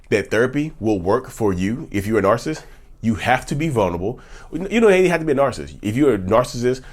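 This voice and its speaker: A man in his thirties hosting his own vlog, talking earnestly and emphatically and repeating phrases for stress. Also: mid-range voice. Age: 30s. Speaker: channel host. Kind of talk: personal vlog monologue.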